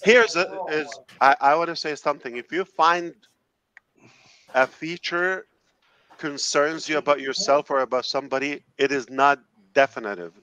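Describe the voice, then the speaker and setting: A man joining a casual call as a guest, giving earnest advice in halting phrases with frequent restarts. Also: fairly high pitch, pushed and bright, poor audio. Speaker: special guest. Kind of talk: casual video-call chat.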